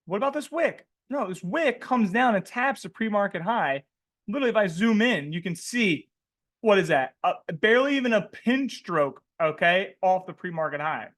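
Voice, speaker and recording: Animated man with a high lively voice. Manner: animated, asks questions and tags "right?" constantly; slangy and joking. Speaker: trading coach. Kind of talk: live webinar teaching.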